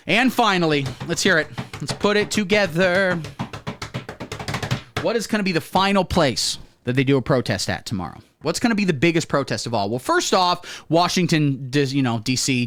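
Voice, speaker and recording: Guy doing a sweary comedy bit, voice jumps all over, dry close sound. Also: dry recording. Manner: deadpan absurd jokes, sudden pitch jumps, profane. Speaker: comedy host. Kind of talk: satirical comedy monologue.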